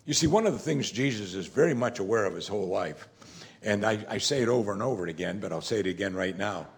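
A man's voice: on the low side, lively intonation, quick pace, gravelly. A man preaching a sermon in a conversational way, asking the congregation rhetorical questions and acting out scripture quotes. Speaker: pastor.

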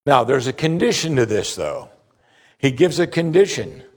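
A man preaching a sermon as pastor, animated, acting out the voices he quotes. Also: mid-range voice, moderate pace. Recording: hall reverb.

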